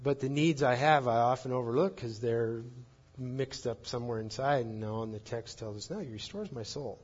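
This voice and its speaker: A man preaching a sermon on the psalms, speaking emphatically and swinging between loud and soft. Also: mid-range voice, moderate pace, breathy edge, lo-fi sound. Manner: emphatic, rising and falling in volume.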